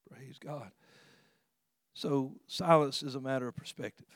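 A man delivers a sermon in a conversational, earnest way. He restarts his phrases often and suddenly climbs in pitch and volume when he presses a point. The sound is dry and close, and his voice sits at an ordinary pitch. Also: a little slow, no room sound. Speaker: pastor.

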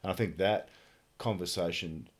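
A man in casual conversation, reflecting slowly and building on ideas step by step. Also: deep voice, husky.

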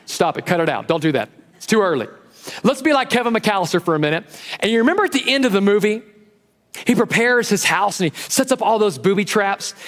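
Pastor, male, high voice, animated sermon delivery, long church reverb. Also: a little fast. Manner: lively and animated, acting out quotes. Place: church sanctuary.

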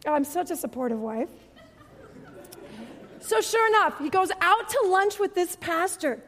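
A woman giving a personal testimony at church, an animated storyteller who laughs often. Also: very high-pitched, a little slow, long pauses. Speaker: church speaker. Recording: long reverb of a large hall.

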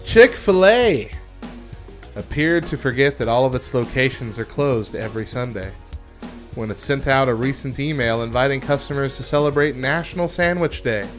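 Soft music plays behind this morning radio co-host, whose mid-range voice moves a little fast. He's reading articles and news out loud and then chatting loosely about them, with a frequent laugh.

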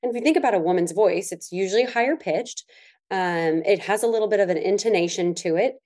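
A middle-aged woman in a casual advice chat, explaining earnestly and slowing down to stress key words. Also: mid-range voice, darkish tone. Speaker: co-host.

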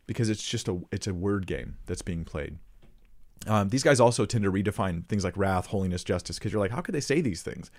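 A man giving casual, earnest commentary on clips he plays, with rhetorical questions and quick restarts. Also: fairly low pitch, darkish tone. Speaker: Christian commentator.

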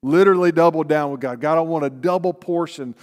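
Southern preacher in a reverberant sanctuary. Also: male voice, a little high, quick pace. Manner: conversational preaching with rhetorical "right?" asides. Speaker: pastor. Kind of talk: sermon. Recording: long hall reverb.

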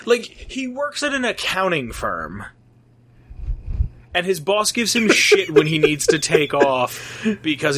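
A man's voice: high voice, big pitch swings, takes it slowly, a bit bright, dry recording. A young man in casual chat, rambling with lots of fillers and swearing. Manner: rambling, filler-heavy, profane.

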